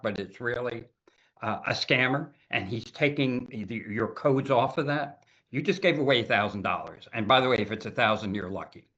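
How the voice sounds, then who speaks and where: A man speaking as a cybersecurity consultant guest in a casual interview, talking in an animated, emphatic way and often repeating words. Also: medium pitch. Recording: dull lo-fi audio.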